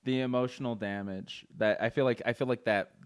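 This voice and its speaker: A man's voice: mid-range voice, steady tone, fairly quick, clear, resonant tone, dry recording, clean studio sound. Rambling young man on a casual podcast. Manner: rambling, stammering restarts. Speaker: podcast host. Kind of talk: casual chat.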